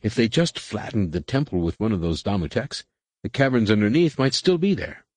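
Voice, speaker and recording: A man's voice: medium pitch, very animated, measured pace, breathy edge, no echo, pitched above the performer's own voice. A man voicing a stubborn, eager young male Jedi in an audiobook, speaking with insistent questions.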